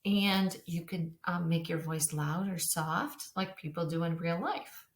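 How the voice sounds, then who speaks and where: A woman teacher explains reading aloud to young children in a patient, direct way. Her voice sits a little low and rings in a roomy echo. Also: measured pace, a little hiss or hum. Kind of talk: recorded reading lesson for children.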